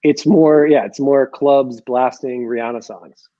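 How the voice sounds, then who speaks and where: A man's voice: mid-range voice, steady tone, unhurried, warm tone. Dull-sounding American man on a call. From United States. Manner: rambling, restarting sentences. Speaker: comedian guest. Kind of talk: casual chat on a video call. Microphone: video call.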